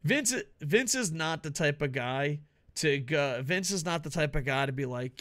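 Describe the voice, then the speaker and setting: A man's voice: a little high, a little slow. Upbeat laughing male podcast host. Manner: animated, laughs often, jokey impressions. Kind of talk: casual wrestling podcast chat.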